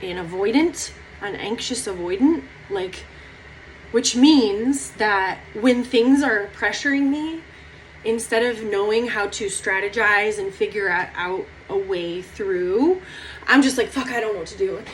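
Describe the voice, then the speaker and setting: A woman's voice: medium pitch, a little slow, slight background noise, rough recording. A young woman talking through her feelings in a rambling personal vlog, close to tears, swearing casually. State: near tears. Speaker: vlogger.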